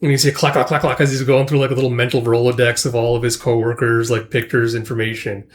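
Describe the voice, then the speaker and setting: A man's voice: mid-range voice, flat delivery, quick pace. A man casually recapping a comic chapter aloud, loosely retelling it with frequent fillers. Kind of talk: casual chapter read-through.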